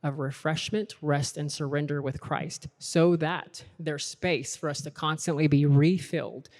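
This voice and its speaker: A man's voice: fairly high pitch, fairly even intonation, a little slow, a little mellow. A man giving an earnest sermon at a leadership event, repeating his invitations as the talk builds. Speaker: conference speaker. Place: large hall with a worship team. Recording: long hall reverb, faint music behind.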